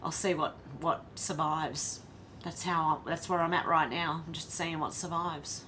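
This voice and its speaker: A woman's voice: sits low, fairly even intonation, unhurried, sharp tone, slight background noise. An Australian woman hosting a casual livestream, talking in a tired, wry way and reading out chat comments. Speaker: livestream host.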